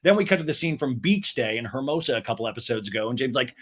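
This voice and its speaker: A man hosting a podcast, recapping a reality show in an animated, gossipy and profane way. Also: mid-range voice, quick pace, hardly any pauses, slightly rough. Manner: animated, gossipy, swears and laughs often. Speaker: podcast host.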